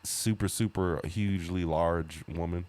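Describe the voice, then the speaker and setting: Deep-voiced young man, loose profane banter. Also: fairly even intonation, unhurried, a little mellow. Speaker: podcast co-host. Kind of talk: casual comedic chat.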